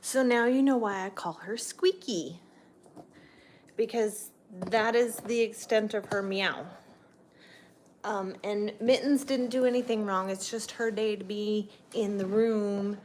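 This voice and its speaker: A woman's voice: slow, a little mellow, a little hiss or hum. A middle-aged woman, chatting casually on a livestream from home and cooing at her pets. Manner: chatty, talks to her pets in a high sing-song voice. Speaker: vlogger. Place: home, indoors.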